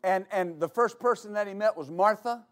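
A man preaching a sermon as pastor, explaining at length and building to shouts. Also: high voice, normal speed.

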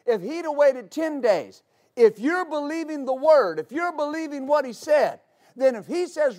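A man preaching a sermon as pastor, explaining at length and building to shouts. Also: extremely high pitch, expressive, unhurried.

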